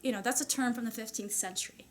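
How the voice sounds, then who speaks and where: A woman's voice: fairly high pitch, fast, a little hiss or hum. A woman channeler speaking to an audience in a casual, chatty way, full of fillers and small laughs. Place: society meeting room.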